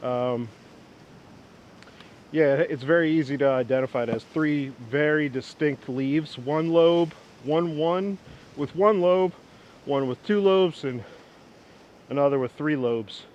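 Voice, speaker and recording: A man's voice: takes it slowly, pauses often, darkish tone, highs cut off. A young man in his twenties chatting casually outdoors as he works with an old axe, rambling and poking fun at himself. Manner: rambling, self-mocking, chuckles often. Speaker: woodworking vlogger. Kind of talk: casual outdoor demo chat. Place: outdoors in the wind. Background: wind rumble.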